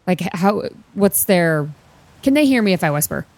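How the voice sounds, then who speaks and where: A woman's voice: lowish voice, animated, moderate pace, darkish tone, no room sound. A woman playing a tabletop game, chatting casually and sometimes whispering in character. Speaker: player.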